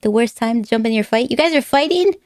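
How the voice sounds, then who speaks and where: A woman's voice: on the high side, animated, fast talker, darkish tone, dry recording, clean studio sound. A woman live streamer chatting casually with her viewers, rambling and giggly, laughing often and teasing her chat playfully.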